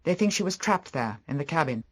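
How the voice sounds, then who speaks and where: A man voicing a troubled, grimly calm gentleman in an audiobook, speaking low and measured. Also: slightly rough. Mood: grave.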